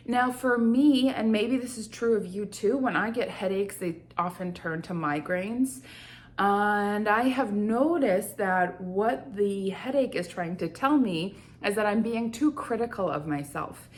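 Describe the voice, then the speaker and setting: A woman's voice: medium pitch, expressive. Earnest woman host telling a story. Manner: earnest, reflective, slows down on feelings. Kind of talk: personal storytelling talk.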